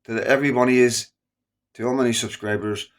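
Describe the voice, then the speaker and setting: A man's voice: mid-range voice, steady tone, fast. Scottish male vlogger, middle-aged, earnest, rambling direct-to-camera talk. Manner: earnest, rambling, repeats phrases. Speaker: YouTuber. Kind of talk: casual straight-to-camera talk.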